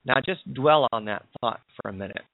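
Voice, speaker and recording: A man's voice: medium pitch, normal speed, vocal fry, no echo. A man preaching a sermon, explaining scripture and asking his listeners rhetorical questions. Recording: dry, tinny phone-like sound.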